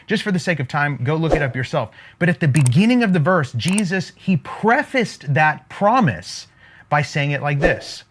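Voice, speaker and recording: A man's voice: fairly high pitch, sing-song, normal speed, husky. A man giving an emphatic, repetitive motivational lesson on making money, in the manner of a preacher. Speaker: online business coach.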